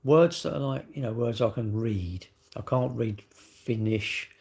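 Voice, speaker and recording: Gravelly, rambling English man. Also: mid-range voice, a little slow, darkish tone. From England. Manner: rambling, chatty, full of tag questions. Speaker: livestream host. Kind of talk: casual livestream chat.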